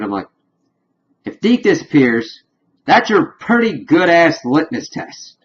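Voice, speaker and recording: A medium-pitched man reviews a TV episode casually, spoilers included, getting excited and rambling as he retells scenes with fast paraphrased quotes. The audio is dull.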